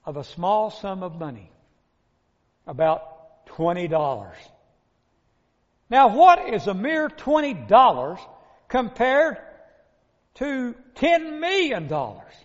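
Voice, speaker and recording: A male preacher giving a sermon, retelling a parable dramatically and speaking straight to his listeners, in a dull recording with long hall reverb. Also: sits high. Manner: dramatic storytelling, addresses the listeners directly.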